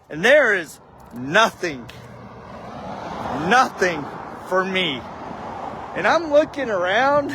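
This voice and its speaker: Man, high voice, slow unhurried pace, casual heartfelt storytelling, says dude a lot. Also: background noise. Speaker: vlogger. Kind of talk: personal storytelling with a faith reflection.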